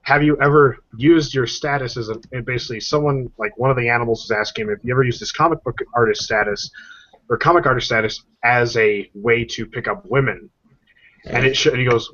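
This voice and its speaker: Here a man speaks at a moderate pace in a mid-range, slightly bright voice. The podcast audio is dull and lo-fi, and he's casually chatting, bringing comic strips to life by recounting them and voicing each character's dialogue.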